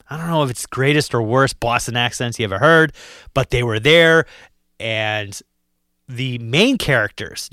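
A man from Massachusetts co-hosting a podcast, chatting casually in quick, animated rants with some swearing. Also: a little high, clear, resonant tone, dry recording, clean studio sound. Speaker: podcast co-host.

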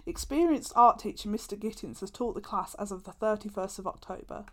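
A young podcast co-host talks in a mid-range voice at a fairly quick clip. She giggles and jokes with a friend while they read old school reports aloud and reminisce in casual conversation.

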